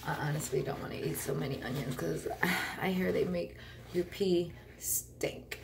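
A woman's voice: low-pitched, a little slow, vocal fry, noisy background. A woman hosting a casual eating vlog, talking between bites in a loose, slangy way and often chuckling. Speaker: mukbang vlogger.

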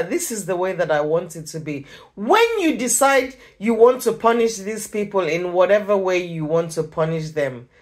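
Woman, emotional confessional vlog; wide pitch swings, repetitive pleading, sudden shouts. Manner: impassioned, swinging from low murmurs to shouted cries; repeats phrases, prayerful pleading. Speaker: vlogger. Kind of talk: emotional prayer and confession to camera.

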